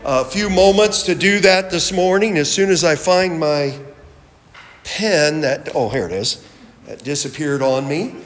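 High-voiced pastor in an echoey church. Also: male voice, measured pace. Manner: animated, playful with children. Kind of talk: children's sermon. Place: church sanctuary. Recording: echoey hall from far off.

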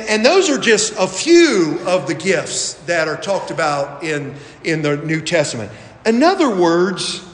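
A man's voice: sits high, a bit bright. A middle-aged male pastor preaching a sermon in a folksy, rambling way, with fillers and small chuckles. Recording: echoey hall with long reverb.

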